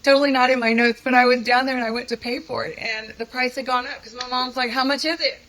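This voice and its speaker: A woman's voice: on the high side, flat delivery, fast talker, fairly bright tone, rough recording. A woman telling her own story of a hard time in an earnest, conversational, self-deprecating way. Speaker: guest sharing a personal testimony. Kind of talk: candid personal storytelling.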